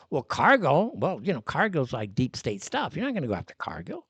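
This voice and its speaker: Heated ranting man, high lively voice. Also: a little fast, breathy edge, no echo, highs cut off. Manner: heated, blunt, swears often. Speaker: live show host. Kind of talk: ranting commentary.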